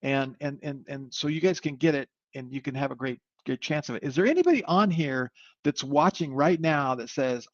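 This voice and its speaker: A man hosting a live webinar, demoing software in an upbeat, rambling sales manner. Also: mid-range voice, lively intonation, normal speed, no room sound. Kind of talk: live online product demo. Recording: slightly muffled dry audio.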